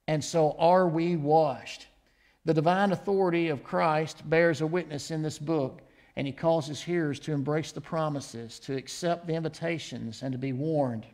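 A man's voice: a little high, darkish tone. Earnest man preaching with rhetorical questions. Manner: reads scripture aloud with rising emphasis. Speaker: pastor. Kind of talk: sermon.

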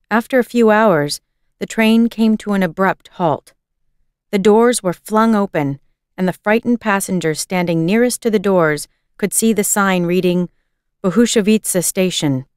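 A woman reading a children's book aloud in a measured, expressive storytelling manner. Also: mid-range voice, clean tone, dry recording, clean studio sound. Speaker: reader.

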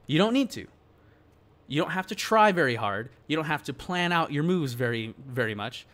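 A man delivering an exasperated gaming rant, his voice a little high for a man and swinging widely up and down as he gets heated. He talks casually and with plenty of slang, straight to his viewers. His frustration rises and falls but never leaves. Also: expressive, brisk, fairly bright tone. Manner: worked-up, exasperated ranting; casual slangy address to the audience. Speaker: gaming YouTuber. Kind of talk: ranting gaming commentary.

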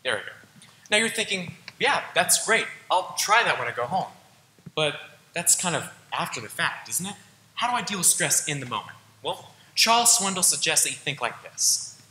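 A man's voice: on the high side, pushed and bright, reverberant, long reverb tail, a little hiss or hum, poor audio. A teenage boy giving an earnest, casual school presentation and talking straight to his audience. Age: teens. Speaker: student presenter. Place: school auditorium.

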